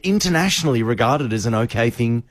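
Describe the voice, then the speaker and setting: A man hosting a radio show, telling an animated anecdote. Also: mid-range voice, fast talker, dry recording, clean studio sound. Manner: animated storyteller.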